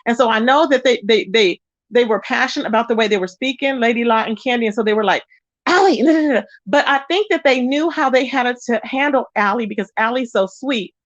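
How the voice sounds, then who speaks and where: A woman hosting a casual gossip livestream, chatty and animated, greeting viewers in the chat by name. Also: fairly quick, no room sound. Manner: animated, pitch jumps up when excited. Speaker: live-stream gossip host. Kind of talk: casual live-stream chat. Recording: dull lo-fi sound, dry.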